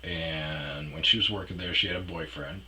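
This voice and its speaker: A man's voice: a bass voice, moderate pace, sharp tone, a little hiss or hum, poor audio. A man telling a rambling personal story in a casual, profane way, trailing off with fillers. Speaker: storyteller host.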